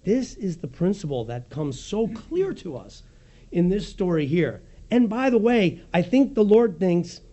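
A man preaching a sermon as pastor, with a raspy voice, animated and swinging between soft and loud, joking about his own slips. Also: a little slow. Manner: animated preaching with wide swings in pitch and loudness; jokes at his own slips, laughs easily.

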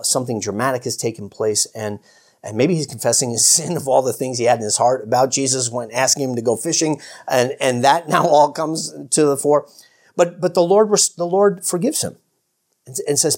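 A man teaching the Bible in a casual, animated way. He often chuckles, restarts his sentences and acts out the characters' lines. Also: medium pitch. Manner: rambling with many restarts and "you know".

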